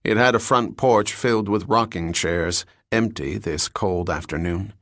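A man narrating an audiobook in a steady, even storytelling manner. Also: sits low, measured pace, no echo, studio quality.

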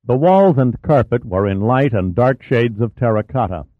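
A man narrates a thriller novel in an even, clear voice of middle pitch. The sound is thin and phone-like. There is no room echo. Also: moderate pace. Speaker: audiobook narrator. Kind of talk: scripted narration. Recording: dry, thin phone-like audio.

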